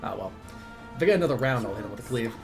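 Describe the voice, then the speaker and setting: A man's voice: mid-range voice, expressive, rapid-fire, creaky. A man streaming a role-playing game, chatting casually, laughing often and reading game text aloud. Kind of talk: casual gameplay commentary. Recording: faint game music behind.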